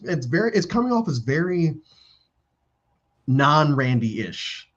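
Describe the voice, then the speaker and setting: A man hosting a live stream in casual chat on a video call. He talks in an animated way and acts out quoted lines in different voices. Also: a little high, moderate pace, dull audio. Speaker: stream host.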